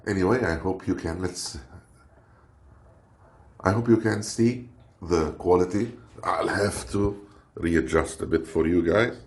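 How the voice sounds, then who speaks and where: This Lebanese unboxing vlogger's voice sits low, moving at a measured pace with frequent pauses. He rambles and cracks jokes during a casual snack review, stopping to search for words, recorded with a roomy echo and faint noise.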